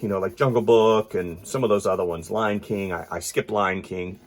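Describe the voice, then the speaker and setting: A congested man with a stuffy nose casually commenting as an artist while he draws, thinking aloud and often trailing into quiet mumbles. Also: fairly low pitch, fairly even intonation, normal speed.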